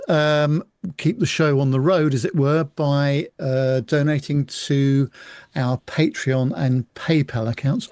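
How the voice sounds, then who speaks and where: A man co-hosting a podcast, reading out contact details in a brisk, matter-of-fact way. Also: mid-range voice, a little mellow, dry recording. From United Kingdom. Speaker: podcast co-host.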